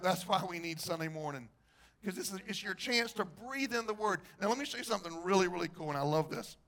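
High-voiced male pastor preaching. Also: quick pace. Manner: animated preacher, asks the congregation questions. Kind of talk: sermon.

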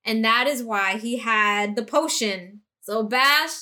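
A woman in casual chat about a novel, talking eagerly in quick bursts full of "like". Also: fairly high pitch, sharp tone. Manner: eager, talks in quick bursts with many "like" fillers. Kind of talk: casual book discussion.

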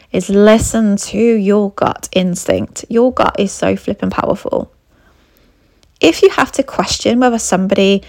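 A woman's voice: mid-range voice, dry recording, studio quality. A woman, a coach giving earnest advice to camera, repeating her key points and checking in with the listener. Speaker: confidence coach and abuse recovery mentor.

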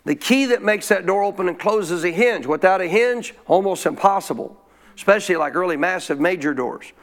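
High-voiced preaching pastor. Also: male voice, expressive, brisk. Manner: call-and-response preaching, asks congregation questions. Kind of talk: sermon. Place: church.

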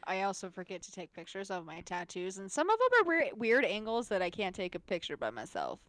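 Woman cohost chatting on a podcast, mid pitch, easygoing, dry close mic. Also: sing-song, brisk, fairly bright tone, no room sound. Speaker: podcast co-host. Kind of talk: casual chat.

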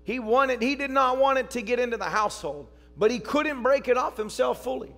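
A man preaching a sermon as pastor, telling stories and rising to shouts. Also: very high voice, fairly quick, faint music behind. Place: church service.

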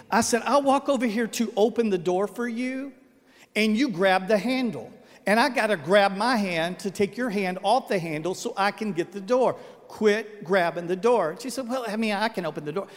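A man preaching a sermon as pastor, joking and folksy, dropping to a hush for emphasis. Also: high-pitched. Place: church sanctuary. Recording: long hall reverb in a sanctuary.

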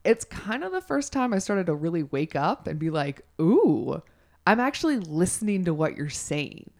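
A woman's voice: fairly low pitch, very animated, moderate pace. Chatty woman telling a story. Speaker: podcast co-host. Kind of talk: casual chat.

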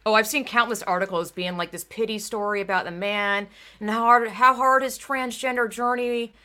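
A woman telling her story in blunt, casual talk, swearing freely as she gets worked up. Her voice is bright and forceful. She sounds like a former bike racer venting to a friend. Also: a little high, fairly even intonation, moderate pace. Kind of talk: casual conversation.

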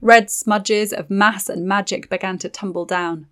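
A woman reading dark fantasy narration for an audiobook in a steady, dramatic manner. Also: medium pitch, a little slow.

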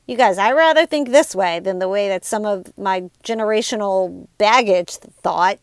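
A woman's voice: mid-range voice, normal speed, clean tone, no room sound. A woman in her forties hosting a motivational podcast, talking in an upbeat, chatty way and often calling her listeners "you guys". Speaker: podcast host and life coach. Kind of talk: casual motivational podcast talk.

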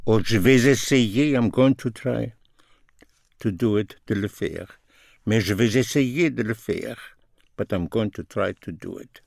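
A man teaching a language lesson, saying each phrase slowly, repeating it and explaining the grammar. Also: fairly low pitch, no echo, clean studio sound. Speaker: French teacher.

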